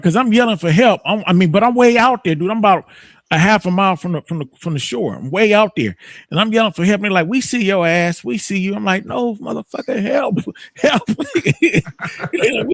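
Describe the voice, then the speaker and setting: A man swaps stories in casual morning-show chat, his voice pitched a little high. His talk is loose and foul-mouthed, punctuated by big laughs, and the recording is close and dry without echo.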